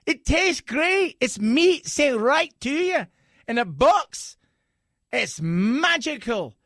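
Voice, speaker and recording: A man putting on a Scottish accent to play a hammy, theatrical salesman with a drawn-out pitch. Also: very animated, a bit bright, no echo, studio quality, exaggerated voice. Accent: Scottish, put on.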